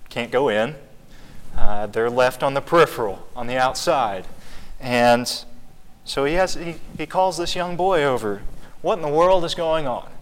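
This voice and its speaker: A man's voice: mid-range voice, a bit bright, big-room sound. A man leading a Bible study, teaching conversationally and asking the group questions.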